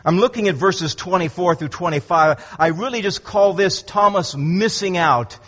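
High-voiced man preaching in a reverberant hall. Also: normal speed, fairly bright tone. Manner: emphatic, repeats words when starting phrases; dramatic swings of pitch and volume. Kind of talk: expository sermon.

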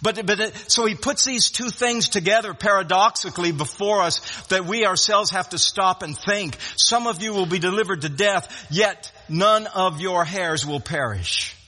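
A man's voice: high voice, moderate pace, hardly any pauses, bright, forceful tone, in a large hall. A man preaching a sermon in an emphatic way, often repeating words and restarting phrases.

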